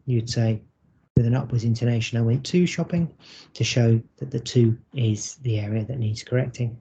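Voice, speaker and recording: A man presenting a recorded workshop for English teachers, speaking in a measured, explanatory way with frequent ums. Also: mid-range voice, level tone, gravelly, mellow, slight background noise. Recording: dull lo-fi audio.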